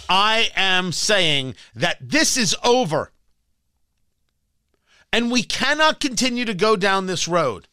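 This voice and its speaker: A man's voice: high voice, sharp tone, dry recording. A man hosting a political talk show, ranting in a combative, scornful opinion monologue.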